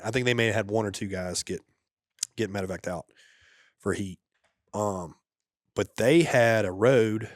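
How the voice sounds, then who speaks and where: On a podcast, a former soldier with a fairly low voice casually recounts his time in combat, laid-back but dropping to a hushed murmur at the grim moments. The sound is dry and close, with no echo.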